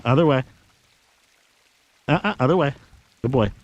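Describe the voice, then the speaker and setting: A man of ordinary pitch chats his way along a snowy woodland trail, talking to the camera and calling firm commands to his dog. His voice comes through dry and close on an action camera. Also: expressive, normal speed, dry recording, muffled recording. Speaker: hiking vlogger. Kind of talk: casual narration while hiking. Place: snowy wooded trail outdoors.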